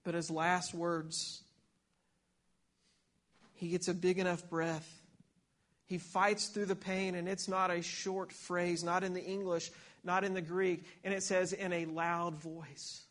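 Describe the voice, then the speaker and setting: High-voiced male preacher, level delivery. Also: level tone, measured pace, pauses often, a bit bright. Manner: reads Scripture aloud, repeats phrases, restarts often. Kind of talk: sermon.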